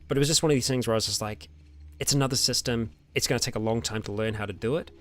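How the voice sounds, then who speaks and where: A man's voice: mid-range voice, very fast. Laid-back Australian man chatting with viewers. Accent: Australian or New Zealand. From Australia or New Zealand. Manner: relaxed, rambling, frequent ums and laughs. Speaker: roleplay channel host answering viewer questions. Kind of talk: casual live chat.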